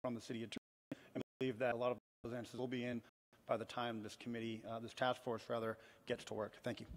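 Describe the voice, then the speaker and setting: Male councilor, steady and even, chamber reverb. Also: mid-range voice. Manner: measured, matter-of-fact. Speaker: city councilor. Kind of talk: council floor remarks.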